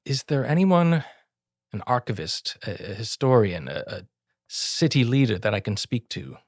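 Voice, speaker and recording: A man playing in a tabletop game, speaking earnestly and haltingly, with easy laughter. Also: medium pitch, animated, dry recording, clean studio sound. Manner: earnest, hesitant, laughs easily. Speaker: player.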